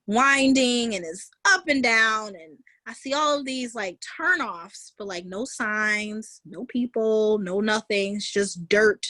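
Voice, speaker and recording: A woman guest telling a personal story in a conversation, animated and vivid, leaning on "like" and "honey". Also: mid-range voice, dry recording. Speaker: guest, founder of a moms' group.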